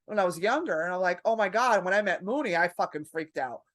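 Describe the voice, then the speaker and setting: A middle-aged woman comedian telling stories as a podcast guest, profane and animated, acting out the voices of the people she quotes. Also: fairly low pitch, quick pace. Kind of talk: casual storytelling in a podcast interview.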